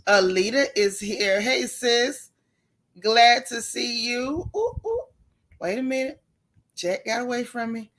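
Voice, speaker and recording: A woman's voice: on the high side, takes it slowly. A woman hosting a casual gossip livestream from home, greeting viewers by name with slang like sis and boo. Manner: chatty, warm Southern slang, calls viewers sis and boo.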